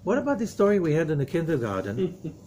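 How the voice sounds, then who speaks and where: Emphatic rabbi lecturing, slightly high voice. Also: male voice, big pitch swings, fast talker, slight background noise. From from outside America. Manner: emphatic, full of rhetorical questions; drops to a low, quiet voice for warnings. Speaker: rabbi teaching Kabbalah. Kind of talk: lecture to a study group.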